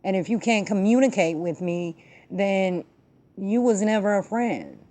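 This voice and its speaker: Animated and a little slow, a woman with a medium-pitched, dark-toned voice hosts her own vlog. She tells a story and rants casually about politics in emphatic, slang-heavy, profane language.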